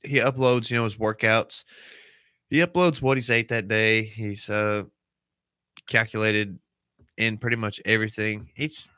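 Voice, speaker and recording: Male podcast host, bright and forceful, rowdy storyteller, dry close mic. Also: on the low side, fairly even intonation, a little slow, pauses often, no echo. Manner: rowdy storyteller, acts out others' lines. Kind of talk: casual crude podcast banter.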